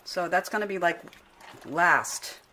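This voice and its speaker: Middle aged lady cooking at home, chatty and casual, keeps correcting herself, soft clinks of dishes behind her. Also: on the low side, slow pace, a little hiss or hum. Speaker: home cook vlogger. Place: home kitchen. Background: clinking pots, pans and cutlery.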